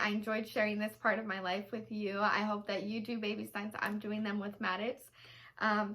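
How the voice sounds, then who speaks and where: A woman's voice: on the high side, fairly bright tone. A young woman and mother talking casually to her camera, chatty and gushing, with lots of ums, emotional and close to tears. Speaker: vlogger mom. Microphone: camera mic, seated.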